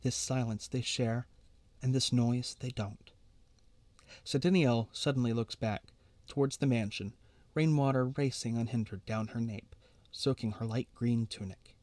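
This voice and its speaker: A man narrating fiction aloud, measured and quiet in his pacing. His voice sits in an ordinary middle range. The recording is dry and close with no room sound. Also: medium pitch, steady tone, no room sound. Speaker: storyteller.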